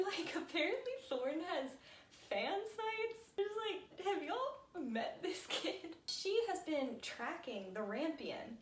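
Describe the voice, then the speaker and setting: A woman's voice: high-pitched, far from the mic. A woman chatting casually about a book she loves, bubbly and gushing, with lots of fillers, in a room at home. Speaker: book reviewer. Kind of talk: casual book review chat. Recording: echoey room, mic set back.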